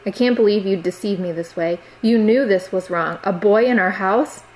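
A woman's voice: medium pitch, normal speed, a little mellow, lightly acted, rough recording. Stern lecturing aunt, reproachful, raised voice, as a woman reads her, storybook. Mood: scolding. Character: stern scolding middle-aged aunt.

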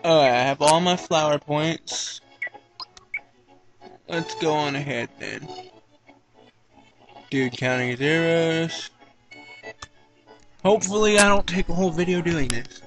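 A man's voice: fairly high pitch, takes it slowly, pauses often, a bit bright, faint music behind, rough recording. A man casually commentating on a video game he plays, joking and mocking himself. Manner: joking, self-mocking asides. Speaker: let's play commentator.

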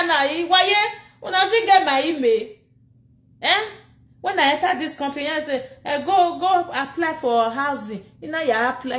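Animated Nigerian Pidgin-speaking woman, echoey room. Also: high-pitched. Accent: Nigerian Pidgin English. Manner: animated, laughing, scolding and mocking, switching languages. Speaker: social media personality. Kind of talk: animated casual rant to camera.

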